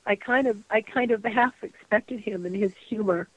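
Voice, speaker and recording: A woman's voice: mid-range voice, moderate pace, husky, no room sound. An older woman, a guest on a radio interview, remembering aloud in a reflective way, repeating phrases and trailing off. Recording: dry tinny phone line.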